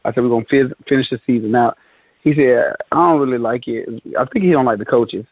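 Guy on a podcast, husky voice, dry tinny phone-like sound, tells stories all animated. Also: medium pitch, fast, dry recording. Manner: animated storyteller, laughs often. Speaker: podcast co-host. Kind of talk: casual chat.

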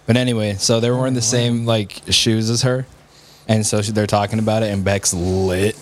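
A man's voice: fairly low pitch, level tone, normal speed. A man co-hosting a podcast, telling a story in casual chat with lots of swearing. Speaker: podcast co-host.

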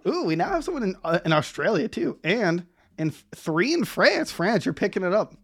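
Man, podcast co-host, casual chat, rambling, restarts, slightly high pitch. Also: very animated, moderate pace, fairly bright tone, breathy edge. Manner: rambling, many restarts and laughs.

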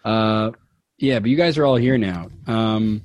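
Slow, rambling game master man. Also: lowish voice, a little mellow, no room sound. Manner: giggly, rambling, full of fillers. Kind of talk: narrating a comedic tabletop game.

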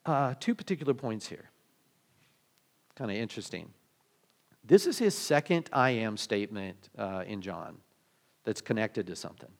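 A male pastor with a lowish, creaky voice preaches conversationally at normal speed, his intonation lively and broken by long pauses. He asks plenty of rhetorical questions and frequently restarts his sentences.

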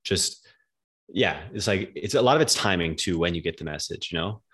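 Low husky-voiced young American man. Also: normal speed. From United States, outside New York City. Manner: relaxed, slangy, lots of "like". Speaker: guest. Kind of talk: casual podcast chat.

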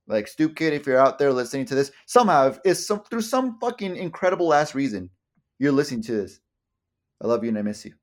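A young man co-hosting a loose podcast conversation. He tells meandering stories full of swearing and stammered restarts. His voice sits at an average pitch for a man. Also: sing-song, fast. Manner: rambling, profane, many restarts and stammers. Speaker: podcast co-host. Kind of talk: casual chat.

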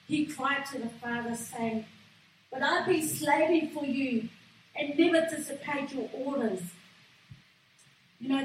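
A woman's voice: on the high side, very echoey, recorded from a distance, a little hiss or hum, poor audio. A woman preaching a sermon in an earnest way, with frequent fillers and restarts.

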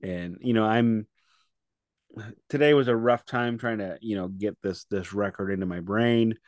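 An American man co-hosting a casual podcast, telling stories in an animated, exasperated way. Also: on the low side, normal speed, dry recording, clean studio sound. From United States. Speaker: podcast co-host. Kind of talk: casual chat.

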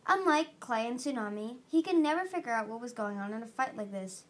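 A woman reading a fantasy novel aloud as an amateur audiobook, steady with small restarts. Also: a little high, brisk. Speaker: audiobook reader.

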